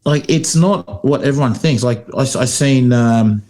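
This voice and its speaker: A man's voice: mid-range voice, moderate pace, darkish tone. Man, rugby podcast co-host, casual rambling storyteller with lots of fillers. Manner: storytelling, many fillers and restarts, acts out quotes. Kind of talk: casual chat.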